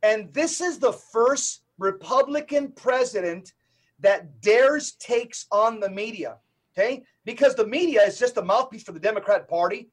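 A middle-aged man, a Catholic evangelist, speaking as a podcast guest in an emphatic, preacher-like way with rapid lists and repetitions. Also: sits high, animated.

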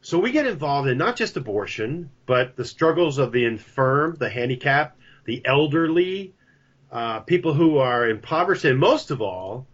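A chatty man talks easily as a podcast guest, mid-pitched and casual, with a pitchman's bounce. His voice comes through a dull, slightly lo-fi recording. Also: big pitch swings, normal speed. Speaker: podcast guest, coffee company founder. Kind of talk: casual interview talk. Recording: dull lo-fi sound.

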